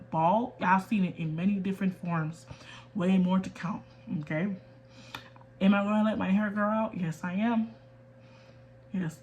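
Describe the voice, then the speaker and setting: A young woman from the US in her twenties talks candidly to camera in a personal rant. She speaks quietly and holds back emotion, then turns firm and emphatic. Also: fairly low pitch, slight background noise. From United States. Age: 20s. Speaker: vlogger.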